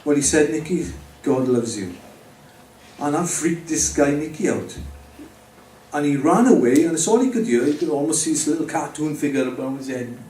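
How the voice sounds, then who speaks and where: Man telling his faith story to a crowd, relaxed low-key tone, echoey room w/ faint hum. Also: brisk. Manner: conversational, speaks directly to the audience. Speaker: speaker giving his testimony. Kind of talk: personal faith testimony to a live audience. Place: pub or club venue with an audience. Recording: roomy, distant mic with faint background noise.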